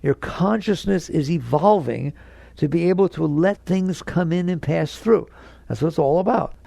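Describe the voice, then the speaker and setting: A spiritual teacher with a gravelly, slightly high, dark-toned voice lectures animatedly at a moderate pace, leaning hard on repeated key words. He chuckles as he slips into acted inner voices in quotes. The sound is close and dry, with no room sound.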